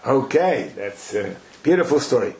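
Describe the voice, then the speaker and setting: A man teaching a Talmud class to a small group, animated and acting out the quoted dialogue, with Hebrew and Yiddish terms mixed into his English. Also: medium pitch, normal speed, creaky, a crowd in the background.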